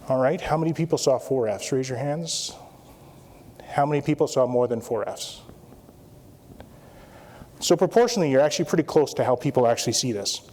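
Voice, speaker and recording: At a conference, an anesthesiologist delivers an interactive talk in a medium-pitched, darkish voice. He keeps checking in with his audience, frequently asking "all right?"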